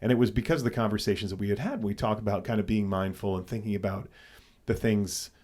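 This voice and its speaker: Guy cohosting a podcast, kinda low voice, tells stories all worked up, swears a lot. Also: fast. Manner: animated, swearing, restarts when storytelling. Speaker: podcast co-host. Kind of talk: casual storytelling chat.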